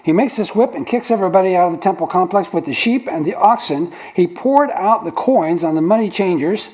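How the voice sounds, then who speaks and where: A man's voice: high-pitched, a little mellow, poor audio. A male pastor preaching a teaching sermon, explaining the original words of the text, with frequent restarts. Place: church sanctuary.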